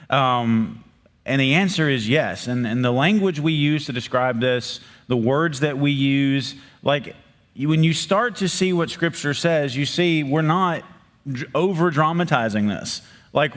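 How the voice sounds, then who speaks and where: A man with a slightly high voice, speaking as a pastor. He explains things firmly and plainly, and his voice carries a long reverb. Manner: firm, plain-spoken explaining. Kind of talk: sermon discussion.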